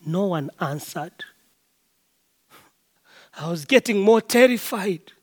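A preacher playing a halting wounded traveler. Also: mid-range voice, animated. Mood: frightened. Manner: halting, repeats words, dramatic retelling. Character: wounded robbed traveler man, shaken. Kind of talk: first-person dramatic monologue.

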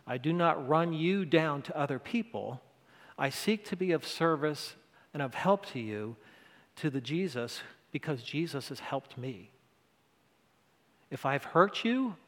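A male pastor preaching a sermon in a church, earnest and conversational, building to emphatic points. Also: a little high. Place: church sanctuary. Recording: long church hall reverb.

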